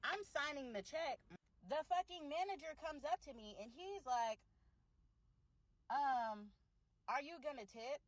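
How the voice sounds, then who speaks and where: A woman's voice: sits high, lively intonation, a little slow, pauses often. A woman retelling a personal story in an indignant, exasperated way.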